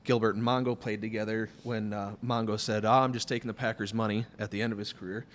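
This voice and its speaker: A man on a studio podcast as a guest, telling long stories in a rambling, animated way with plenty of fillers. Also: lowish voice, fast talker, slight background noise. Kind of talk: casual storytelling chat.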